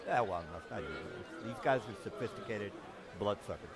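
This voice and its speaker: A man narrating a tabletop game as game master, halting with many ums and restarts. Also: on the low side, expressive.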